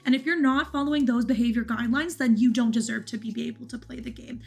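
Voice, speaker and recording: High-voiced woman narrating gaming clips. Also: fairly even intonation, fast, creaky, a little mellow, soft background music. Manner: earnest, cautionary. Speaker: gaming video host. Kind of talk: voice-over commentary on gameplay clips.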